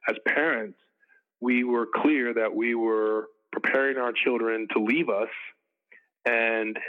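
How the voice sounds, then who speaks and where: A middle-aged man talking earnestly in a casual podcast conversation, making his points in measured lists. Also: medium pitch. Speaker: podcast guest. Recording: phone-like tinny line.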